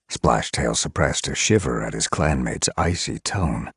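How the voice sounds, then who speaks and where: A man reading an audiobook aloud with expressive storytelling. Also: extremely low pitch, measured pace, hardly any pauses, husky, dry recording, clean studio sound. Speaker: audiobook reader. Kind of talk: audiobook narration.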